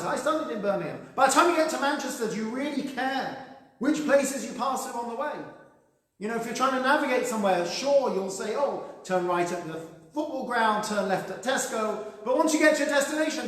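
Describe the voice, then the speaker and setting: A man's voice: very high-pitched, a bit bright. A rabbi, a man, giving a conversational sermon and telling stories with dry humour. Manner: storytelling, conversational with a dry joke delivery. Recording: echoey hall with long reverb.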